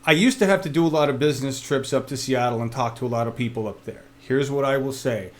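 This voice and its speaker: A man co-hosting a casual web show, talking in an animated, jokey and opinionated way. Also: mid-range voice, quick pace. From Oregon. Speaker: show co-host.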